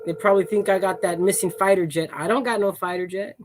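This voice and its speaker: A young man co-hosting a casual livestream, fast-talking and playful, laughing often between lines. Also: sits high, steady tone, slight background noise. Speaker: co-host making cold calls.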